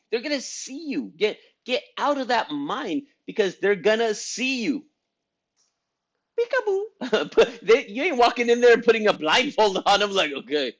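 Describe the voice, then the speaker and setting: Rambling high-voiced man, lo-fi sound. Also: fairly bright tone. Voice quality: voice he calls high-pitched. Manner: rambling, self-deprecating, laughs often, many restarts. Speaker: group host for estheticians. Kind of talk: casual motivational talk.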